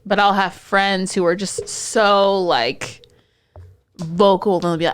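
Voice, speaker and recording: A woman's voice: medium pitch, steady tone, takes it slowly, clear, resonant tone. A woman hospital worker co-hosting a podcast in casual chat, blunt and frank, often speaking in a subdued way. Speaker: podcast co-host.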